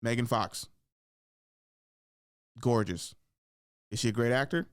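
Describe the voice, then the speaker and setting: A man hosting a podcast, slangy and profane, telling animated stories and acting out quotes. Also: mid-range voice, slow, clear, resonant tone, no echo, clean studio sound. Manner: animated storytelling, acts out quotes and drops into whispers. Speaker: podcast host. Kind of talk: casual podcast chat.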